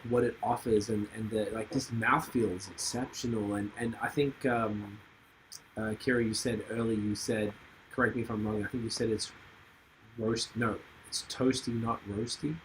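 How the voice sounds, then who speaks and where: A man's voice: medium pitch, a little hiss or hum, poor audio. A man hosting a podcast, thinking aloud in rambling, enthusiastic casual chat. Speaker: podcast host.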